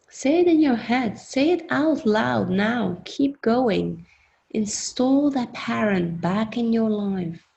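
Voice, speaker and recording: Slow gravelly-voiced woman guiding self-hypnosis. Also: a little high, animated, dull audio. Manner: gentle, encouraging, repetitive coaching. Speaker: workshop leader. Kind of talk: guided self-hypnosis exercise.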